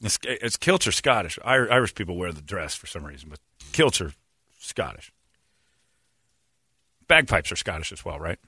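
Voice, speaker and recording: Man, radio host, animated pitch, teasing banter, dry studio mic. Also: moderate pace, pauses often, slightly rough, no room sound. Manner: joking, teasing, storytelling.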